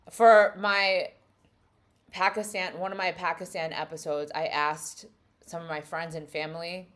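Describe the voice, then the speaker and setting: A woman live-streaming in a casual, rambling way, laughing often and talking to her chat. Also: low-pitched. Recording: music playing behind the voice.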